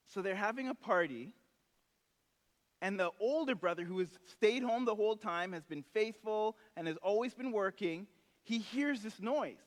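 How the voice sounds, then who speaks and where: A man's voice: high voice, moderate pace, long reverb tail. A male pastor preaching a sermon in a church, casual and conversational, now and then acting out characters from the story. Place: church sanctuary.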